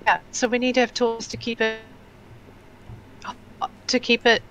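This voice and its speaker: A woman's voice: a little high, level tone, a little slow, fairly bright tone, poor audio. A woman playing a game with her son, chatting casually and sounding flustered by connection problems. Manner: flustered, exclaims often. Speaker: family teammate in a game. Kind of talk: casual gameplay chat.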